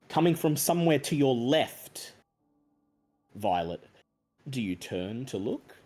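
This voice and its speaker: A man narrating a tabletop horror game as game master, in a slow, deliberate, suspenseful manner. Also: mid-range voice, big pitch swings, darkish tone, slightly rough.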